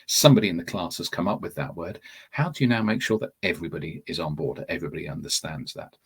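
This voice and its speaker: Low husky-voiced man tutoring. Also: fairly bright tone. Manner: conversational, restarts phrases, addresses viewers directly. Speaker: TEFL course tutor. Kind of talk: webinar explanation.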